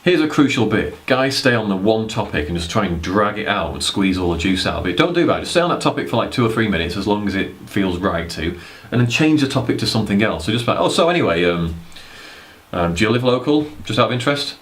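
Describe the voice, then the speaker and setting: A man's voice: fairly low pitch, animated, quick pace, a bit bright. A young man giving casual dating advice to camera, rambling and blunt, with casual swearing. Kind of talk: casual talking-head advice.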